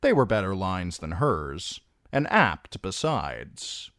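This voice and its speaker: A male narrator reading a fantasy novel aloud, unhurried and deliberate, his pitch rising and falling widely with the story. The voice is close and dry, with no room sound. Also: dry recording. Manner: slow, expressive reading. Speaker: audiobook reader.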